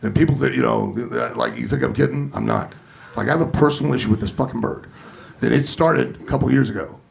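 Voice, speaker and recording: Gravelly man telling stand-up stories. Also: mid-range voice, fast, slight background noise. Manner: profane, animated storytelling. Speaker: stand-up comedian. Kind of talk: stand-up storytelling. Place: comedy club stage.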